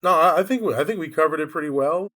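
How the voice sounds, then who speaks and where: A man talking as a guest on a casual podcast, relaxed, with hesitant restarts. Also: a little high, quick pace.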